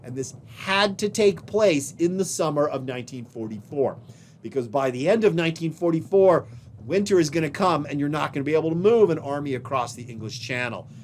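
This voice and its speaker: In a recorded video lesson, a man with a fairly high, animated voice lectures on history, pointing to images on the slides behind him and slowing down to stress key phrases. There is slight background noise.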